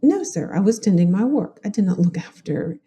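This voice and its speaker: A woman with a Southern US accent reading an older woman neighbor's testimony at an 1890s inquest in a plain, steady way. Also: mid-range voice, moderate pace, slight background noise, lightly acted. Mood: matter-of-fact.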